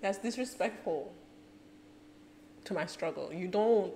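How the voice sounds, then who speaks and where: A woman's voice: medium pitch, measured pace, slight background noise. A woman making a casual music reaction vlog, teary and gushing, talking back at the screen in exasperation. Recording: music playing loudly behind her voice.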